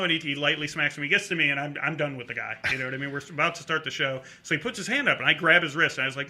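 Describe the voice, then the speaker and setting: A middle-aged male comedian telling a story in casual talk, acting out a drunk heckler in a high voice. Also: very fast, hardly any pauses, pushed and bright. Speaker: comedian guest.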